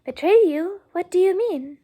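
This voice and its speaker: A woman's voice: very high voice, lively intonation, moderate pace, warm tone, pitched above the performer's own voice. A woman reading aloud, voicing a naive, earnest young girl who speaks sincerely and innocently. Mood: puzzled.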